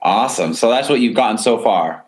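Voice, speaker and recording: A man's voice: on the low side, expressive, a little fast. A man co-hosting a casual podcast, talking in an earnest, eager way with plenty of ums. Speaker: podcast co-host.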